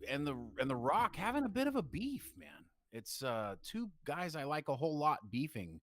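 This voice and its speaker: Man, podcast co-host, rough morning voice, tired, lively pitch, dry sound. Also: no room sound. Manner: tired, self-deprecating, animated. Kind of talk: casual live-stream chat. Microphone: desk microphone, quiet in the mix.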